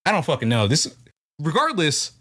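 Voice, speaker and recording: A man's voice: fairly high pitch, huge pitch swings, moderate pace, sharp tone. A man co-hosting a podcast, musing loosely and profanely about a song's meaning in casual chat. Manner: loose, profane, thinking aloud. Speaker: podcast co-host. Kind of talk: casual music review chat.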